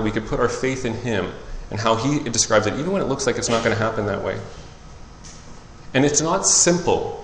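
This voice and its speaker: A man pastor preaches from the platform of a church, his mid-range voice ringing through an echoing sanctuary. He swings between loud, impassioned passages and hushed, tender ones, with a faint hum of the room underneath. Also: medium pitch. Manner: impassioned preaching, rising loud on scripture, dropping soft and tender. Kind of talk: sermon. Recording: roomy church echo.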